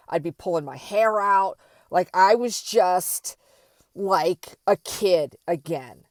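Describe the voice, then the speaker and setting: A middle-aged woman telling a candid personal story in a rambling, animated way, with many fillers and restarts. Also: on the low side, no room sound, clean studio sound. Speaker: vlogger.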